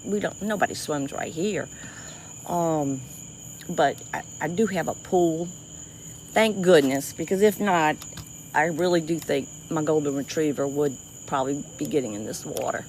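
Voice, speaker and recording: Outdoors by a swamp river at night, a South Louisiana woman with a Cajun accent hosts a livestream, chatting casually with viewers by the water. She's chatty, laughs easily, and is full of restarts and "y'all." Her voice is deep and darkish at a moderate pace, with slight background noise.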